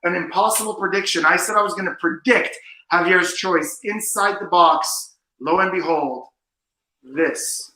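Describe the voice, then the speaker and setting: Mentalist guy doing a trick, highish voice, teasing, roomy echo. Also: measured pace, sharp tone. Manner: showy, teasing, addresses the audience. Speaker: mentalist guest. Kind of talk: magic performance patter.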